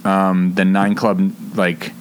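A middle-aged man co-hosting an action sports podcast in relaxed, rambling chat. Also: low-pitched, slow, a little hiss or hum. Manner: relaxed and rambling, with lots of fillers and asides. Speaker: podcast co-host. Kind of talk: casual chat.

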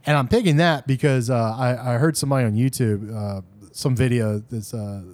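A man's voice: medium pitch, normal speed, a little mellow, dry recording. Southern man, podcast co-host, chatty, laughs a lot, dry close mic. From Louisiana. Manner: chatty, laughs often, breaks into a broad put-on Southern movie drawl. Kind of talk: casual movie chat.

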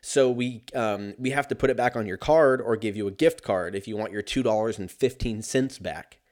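A man's voice: lowish voice, normal speed, a little mellow. Profane rambling man telling a story. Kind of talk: casual storytelling rant.

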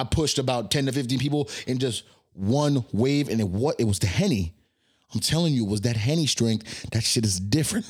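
Casual young man telling a story. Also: medium pitch. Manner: animated, acts out his own commands. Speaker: podcast host.

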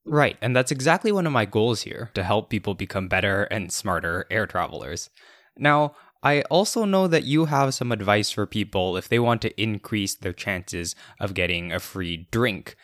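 Low-voiced man hosting a podcast. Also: lively intonation, normal speed, a bit bright. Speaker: podcast host. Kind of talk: interview questions.

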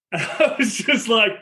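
Bright-voiced man telling a story. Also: high-pitched, slow. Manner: animated storytelling, laughs often. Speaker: podcast host. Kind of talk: casual podcast chat.

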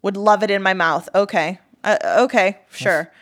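A woman's voice: mid-range voice, normal speed. Candid woman retelling a story. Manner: candid, blunt retelling of text messages. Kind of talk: casual storytelling chat.

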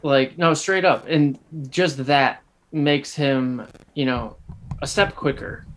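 A man's voice: a little high, slow, a bit bright, slight background noise. A young man co-hosting a casual sports podcast. He argues his points emphatically and animatedly, restarting his sentences as he goes. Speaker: podcast co-host.

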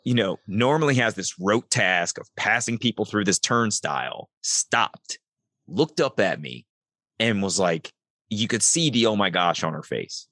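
Middle-aged male guest, low voice, dry close sound, animated storyteller who plays out each line of dialogue. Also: a little slow, dry recording. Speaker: podcast guest. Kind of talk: storytelling interview.

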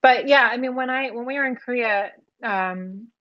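Reflective woman guest, dull lo-fi audio. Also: fairly high pitch. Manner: reflective, halting, many fillers and restarts. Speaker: guest, therapist and video artist. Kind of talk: casual conversational interview.

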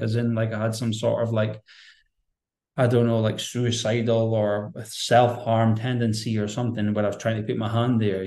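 A man's voice: fairly low pitch, warm tone. Earnest man in an echoey room. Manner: rambling, earnest, conversational. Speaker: podcast guest. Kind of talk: candid personal storytelling.

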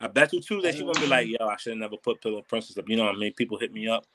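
A man hosting a podcast in casual chat, loud and laughing as he bangs back and forth and swears freely. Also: on the low side, expressive, rapid-fire, a loud crowd. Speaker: podcast host.

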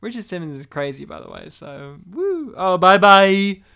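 A man co-hosting a casual movie watch-along podcast, chatty and joking with quick asides. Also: on the high side, wildly swooping pitch, creaky, a little mellow. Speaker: podcast co-host.

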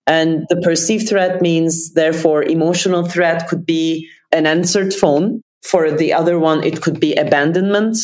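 A woman therapist explaining nervous system ideas in a thoughtful, explanatory way, often pausing to rephrase. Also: deep voice, fairly even intonation, a little mellow. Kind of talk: casual conversation.

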